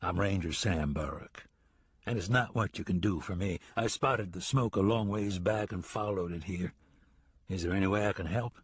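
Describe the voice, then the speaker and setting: Brief: man playing a stoic lawman, low, measured, husky, dry close mic. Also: no echo. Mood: steady. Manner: blunt, quiet, measured. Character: blunt, steady ranger, grown man.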